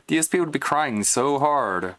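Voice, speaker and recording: A man's voice: mid-range voice, expressive, moderate pace, a bit bright. A man streaming and reacting to clips in casual commentary, mocking and swearing as he rants. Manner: mocking, profane ranting.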